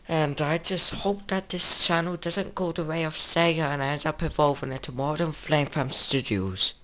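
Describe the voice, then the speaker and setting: Hosting a casual gaming retrospective for her video game channel, a woman with an English accent rambles offhandedly and corrects herself as she goes. Her voice sits low and fairly bright, at a normal speed.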